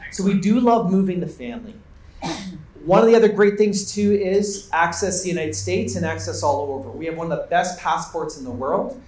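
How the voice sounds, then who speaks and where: Upbeat Canadian man on a panel. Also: a little mellow. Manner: upbeat, joking sales pitch. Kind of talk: conference panel talk. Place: large conference hall. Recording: echoey hall sound.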